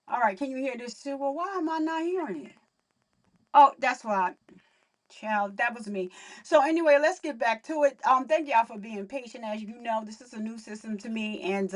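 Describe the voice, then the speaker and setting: A chatty young woman hosts a livestream from home. Her voice sits a little high, and she talks straight to her viewers through a computer mic. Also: recorded from a distance. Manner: chatty, talks to viewers while fixing audio. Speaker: livestream host. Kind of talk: casual livestream chat.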